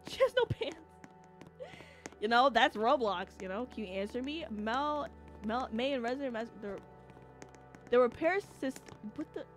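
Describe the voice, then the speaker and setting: Shrieking excitable woman streamer. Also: fairly high pitch. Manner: excitable, shrieks and yells when scared; chatty with chat, many fillers. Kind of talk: live-streamed gameplay chat. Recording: game music behind voice.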